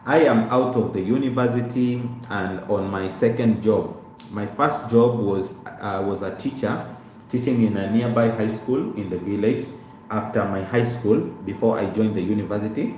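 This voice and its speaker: This is a young man's casual live-stream chat: he names viewers as he greets them and goes back over the same points while recounting his life. He speaks at a moderate pace in a fairly low, darkish voice, recorded in an echoey room with faint noise behind him.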